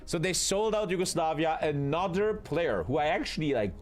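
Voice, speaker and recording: A man's voice: a little high, lively intonation, moderate pace, faint music behind. A man casting a multiplayer strategy game on a live stream, chatty and swearing freely as he talks to his chat. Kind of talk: casual live-stream commentary.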